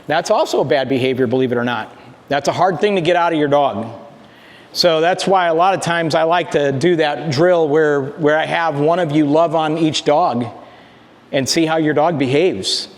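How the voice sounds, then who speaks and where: A man working as a dog trainer, explaining calm greetings in a plainspoken way while he talks to a dog. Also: a little high, moderate pace, long reverb tail. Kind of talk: casual instruction to camera.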